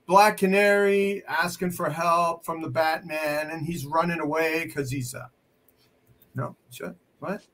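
A playful man selling original comic art in a joking live sales patter. His voice sits notably high for a man and comes out bright and sharp. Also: fairly even intonation, unhurried. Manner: playful, clowning with mock French.

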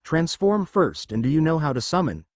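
A man voicing an ancient, bossy male kaiju king in a fan story reading, with a teasing manner and lively pitch. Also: normal speed, no echo, studio quality.

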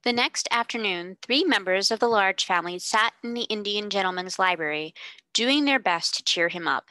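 Woman narrator, clear, steady storybook reading, crisp bright tone, dry close mic. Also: medium pitch, normal speed, no room sound. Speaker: reader. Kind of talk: audiobook narration.

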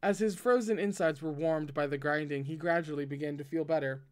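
A man reads a novel aloud in a casual way, stopping often for wry, joking asides. His voice sits a little high for a man. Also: a little fast. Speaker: host reading a novel aloud. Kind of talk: casual read-aloud with commentary.

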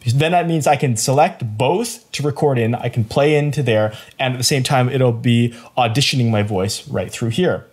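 A man hosting a quick software tutorial in an upbeat, playful way, chuckling as he explains. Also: medium pitch, a little hiss or hum. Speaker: tutorial host. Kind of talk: screen-recorded software tutorial.

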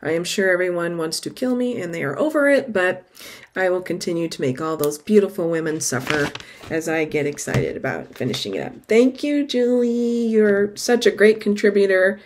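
A middle-aged woman chatting casually to camera about her stitching, excitable and gushing, with sudden high exclamations. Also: moderate pace, noisy background. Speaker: cross-stitch vlogger.

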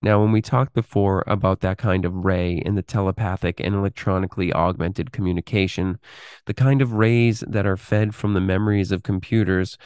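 A man hosting a podcast, reading a text aloud in a deliberate way and breaking off into unscripted commentary full of fillers. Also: sits low, fairly even intonation, a little mellow, smooth, dry recording, clean studio sound. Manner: deliberate reading, halting with fillers when speaking freely. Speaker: podcast host.

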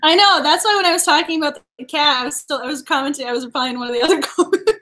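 A woman's voice: high voice, racing, bright, forceful tone. A woman from Massachusetts co-hosting a book club live stream, chatting casually and laughing often as she talks. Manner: bubbly, laughs often while talking.

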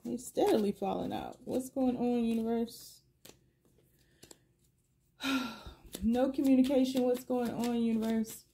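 A middle-aged woman reads tarot cards for a collective audience, taking her time. Her voice is high but dark and mellow, and she drifts back to the same question for the universe between cards. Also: fairly even intonation, a little slow, gravelly, pauses often, slight background noise. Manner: musing, repeats questions to the universe. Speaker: tarot reader.

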